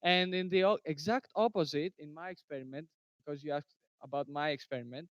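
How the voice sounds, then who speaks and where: A man's voice: a little high, fairly quick, no room sound, lo-fi sound. A teenage boy giving earnest, formal answers in a student science debate over a video call. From Greece. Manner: earnest, formal, repeats phrases. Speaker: presenting student in a science tournament.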